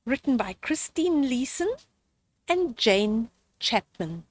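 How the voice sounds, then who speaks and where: An older woman, a grandmotherly storyteller, reads a children's book aloud outdoors in a slow, gentle way. Her pitch rises and falls a great deal as she tells it. The sound is dry and close. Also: expressive, no echo.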